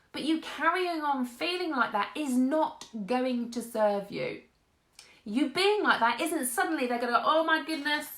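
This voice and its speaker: A woman's voice: high voice, fairly bright tone, reverberant. A woman giving an earnest motivational talk, speaking directly to her listeners. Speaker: host.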